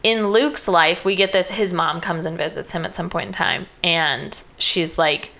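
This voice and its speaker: A young woman in casual chat, retelling a film's plot in a loose, chatty way full of "like" and quick quoted voices. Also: fairly low pitch, creaky, pushed and bright. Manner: chatty, heavy use of "like", breaks into quoted voices.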